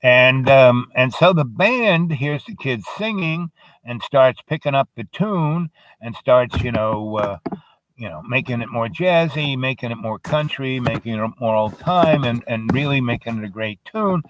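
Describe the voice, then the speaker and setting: A man's voice: mid-range voice, lively intonation, a little slow, background noise. A man telling a meandering story off the cuff, with many fillers and asides. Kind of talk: rambling spoken storytelling.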